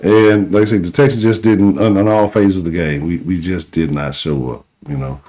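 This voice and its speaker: A man with a Houston accent hosting a call-in sports talk show, laid-back and slangy, often trailing off quietly. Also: low-pitched, fairly even intonation, moderate pace. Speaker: sports talk radio host. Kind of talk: casual call-in show chat.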